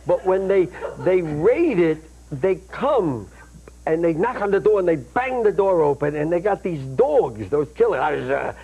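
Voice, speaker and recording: A man's voice: sits high, very animated, measured pace, narrow, tinny audio, slight background noise. An older man with a Bronx accent, a talk show guest telling rambling, jokey anecdotes. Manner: rambling, jokey, self-interrupting.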